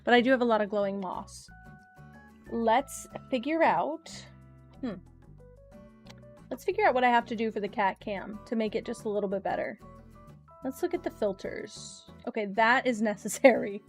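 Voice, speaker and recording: A woman streaming a game talks at normal speed in a fairly high voice, pausing often as she chats and rambles to her audience. Faint background music can be heard.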